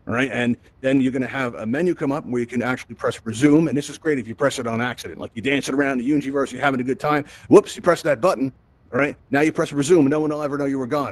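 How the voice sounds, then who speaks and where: Fast-talking upbeat man from Brooklyn. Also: medium pitch, no room sound. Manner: chatty and upbeat, tags lines with "right?". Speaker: event host and VR instructor. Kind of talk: live presentation to a virtual audience.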